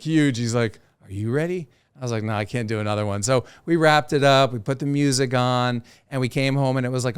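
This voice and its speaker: A man's smooth, clear voice sits at a middle pitch, recorded close and dry. He tells fishing stories casually and with energy. He slips into little voices for the people he quotes. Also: dry recording. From South Florida. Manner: animated storyteller who acts out quoted voices. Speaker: professional angler and TV host, podcast guest. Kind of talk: casual storytelling.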